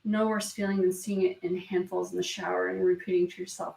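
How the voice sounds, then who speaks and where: Teary woman reading comments, gravelly voice. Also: lowish voice, level tone, brisk, few pauses. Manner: soft, hesitant, many ums and restarts. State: emotional, fighting back tears. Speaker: beauty vlog host. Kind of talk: live stream reading viewer comments. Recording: roomy sound from a distance from the mic.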